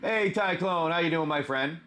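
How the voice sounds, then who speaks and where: A man with a somewhat high voice runs a live card-pack stream. He talks casually to his viewers and calls them by name. His speech wanders and is filled with "um" and "uh". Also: normal speed, a bit bright, slight background noise. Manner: chatty, greets viewers by name, many fillers. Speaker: live stream host opening card packs.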